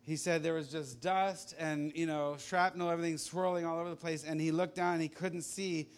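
A man's voice: on the high side, fairly even intonation, brisk, smooth. A man preaching a sermon in a conversational, rambling way, full of asides and illustrations. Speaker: pastor.

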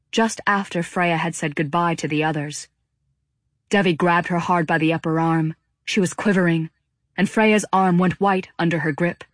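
Low-voiced woman audiobook narrator. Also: dry recording, clean studio sound. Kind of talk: scripted narration.

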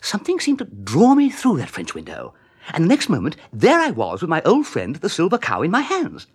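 Bertie Wooster, a flustered young toff. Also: male voice, a little high, wildly swooping pitch, a little fast, breathy edge, full character voice. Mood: wry. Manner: flustered, stammering. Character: genial young English gentleman, flustered and upper-class. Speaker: narrator. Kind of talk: radio play acting and narration.

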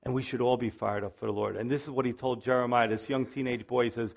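A man preaching a sermon to a congregation, swinging from loud rises to soft drops and calling out "listen" and "you see.". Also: mid-range voice, steady tone, fast talker, vocal fry, few pauses. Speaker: pastor.

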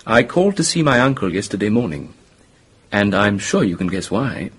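A charming, flippant young gentleman. His voice is very husky, and his intonation leaps widely as he performs his stories with mocking theatrics. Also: lowish voice, sing-song, normal speed, heavily acted. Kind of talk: radio drama acting.

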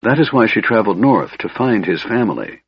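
A man's voice: lowish voice, sing-song, a little fast, husky, no room sound, voice pushed up, full character voice. A man doing a sardonic young mage's hissing whisper. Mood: bitter, musing. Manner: cold, brooding, bitter. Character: frail sardonic young male mage. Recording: dull lo-fi recording.

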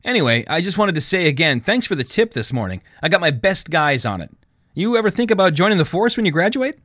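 A man's voice: fairly high pitch, big pitch swings, fast talker, fairly bright tone, no room sound, clean studio sound, voice pushed up. A man voicing a smug, folksy middle-aged police chief who talks in a condescending way.

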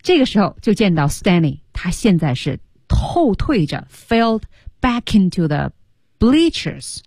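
A woman teaching on a radio lesson, her pitch swinging widely as she coaxes listeners through each line of a story. Her voice is a little low and husky, and the studio sound is dry and close. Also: measured pace, no echo. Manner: translates line by line, lively and coaxing. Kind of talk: language lesson explaining in Mandarin. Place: broadcast studio.

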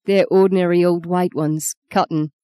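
Brief: narrator doing a quick-witted young woman, warm low voice, lively bantering, audiobook. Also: smooth, dry recording, clean studio sound, close to an everyday voice. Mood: playful. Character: young woman, witty, flippant actress.

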